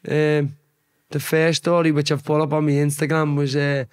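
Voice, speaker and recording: A young man from Liverpool with a broad Scouse accent tells stories as a podcast guest. He talks in a loose, animated way and swears freely. His voice sits slightly higher than most men's. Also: moderate pace. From Liverpool, England. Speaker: guest, former footballer. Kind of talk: casual storytelling.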